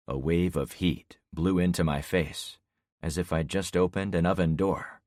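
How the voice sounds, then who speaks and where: Male narrator, very low pitch, steady measured first-person storytelling, dead-dry booth. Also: no room sound. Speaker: audiobook narrator.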